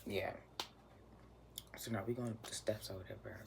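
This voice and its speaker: A man's voice: fairly low pitch, fairly even intonation, moderate pace, creaky. A young man casually telling a personal story, chatty and slangy, often dropping to a near whisper. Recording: noisy room ambience.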